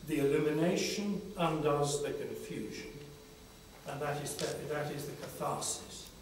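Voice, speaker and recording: An older man giving a slow, reflective spiritual talk at a conference panel, pausing often between phrases. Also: a little high, animated, a little hiss or hum. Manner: slow, reflective, with long pauses. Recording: echoey hall from far off.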